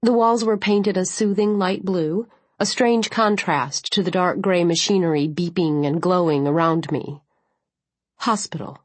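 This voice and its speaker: A woman's voice: lowish voice, a little slow, no echo. Woman narrating in a dry, close voice. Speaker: audiobook narrator. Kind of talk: first-person scripted narration.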